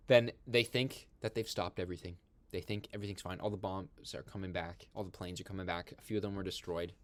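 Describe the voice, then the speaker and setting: A young man, a film discussion host, excitedly recapping a movie in a rambling, casual way with lots of fillers. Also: low-pitched, a little fast.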